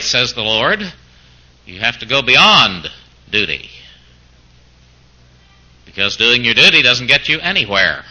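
A man's voice: mid-range voice, big pitch swings, takes it slowly, pauses often, bright, forceful tone, low-quality recording. A man preaching a sermon who keeps throwing out mock-incredulous rhetorical questions, as if arguing back in the voice of a doubter.

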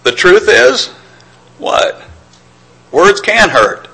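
Middle-aged male preacher, husky tone, earnest and reflective sermon delivery. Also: high voice, sing-song, very slow, sharp tone, rough recording. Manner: earnest, reflective, with stammered restarts.

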